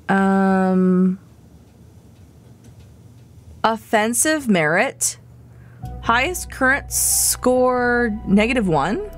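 A young woman casually chatting and muttering to herself as she plays a video game on a live stream, often repeating words under her breath and giggling. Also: fairly high pitch. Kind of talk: casual live gameplay chat.

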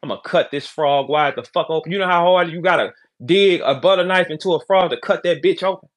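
A man hosting a live audio call, trash-talking loudly and then turning low and calm. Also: fairly quick. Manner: loud, brash trash talk, swings to low calm. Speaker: battle rap host.

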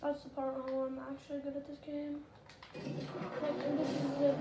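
A woman giving casual, rambling gameplay commentary, getting excitable and shouting at the game. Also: sits high, moderate pace, music in the background. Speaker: gaming channel host. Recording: roomy and noisy.

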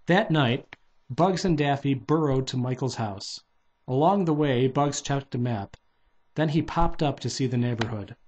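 A man's voice: mid-range voice, measured pace, darkish tone, breathy edge. A man casually reading a children's novelization aloud, barely changing his voice for the characters.

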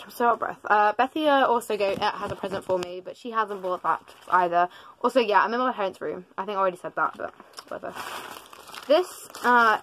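A woman's voice: mid-range voice, a bit bright, slight background noise. Teen girl vlogger, casual and rambling, self-correcting, joking asides, recorded in a bedroom. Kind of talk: casual gift-opening vlog. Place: parents' bedroom.

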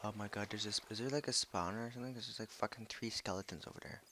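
Foul-mouthed man yelling at game monsters. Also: fairly low pitch, rapid-fire, slight background noise. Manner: swears freely, yells at game monsters, mutters under breath. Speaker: video host. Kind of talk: casual gameplay commentary.

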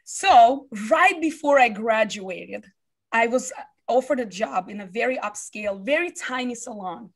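Animated, fairly high-voiced woman telling her story. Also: a little slow. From USA. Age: 30s. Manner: animated storytelling, acting out quotes. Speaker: guest, business founder. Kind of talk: personal story in an interview.

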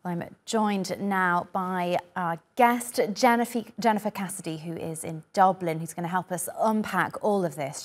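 A woman anchoring a live news interview. She introduces her guest in a brisk, fluent manner and asks for her reaction. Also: medium pitch.

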